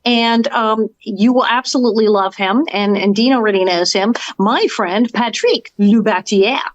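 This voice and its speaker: A woman co-hosting a podcast, introducing a guest with enthusiastic, quick storytelling in a casual chat. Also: on the high side, lo-fi sound, a little hiss or hum. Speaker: podcast co-host.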